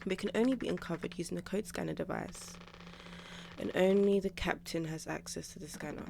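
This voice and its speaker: Young woman let's-play streamer, low gravelly voice, reads game lines in playful voices. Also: brisk, mellow, slight background noise. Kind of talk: casual gameplay commentary reading dialogue aloud.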